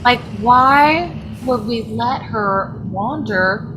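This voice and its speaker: A woman's voice: fairly high pitch, animated, extremely slow, noisy background. A woman co-hosting a reaction video, joking and laughing in casual chat. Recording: talking over episode music.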